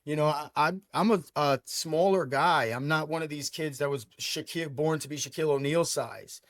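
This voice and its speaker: A middle-aged man from Brooklyn, telling his life story as an interview guest with emphatic, energetic delivery and frequent repeated words. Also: on the high side, moderate pace, dry recording. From Brooklyn, New York. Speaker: franchise owner guest.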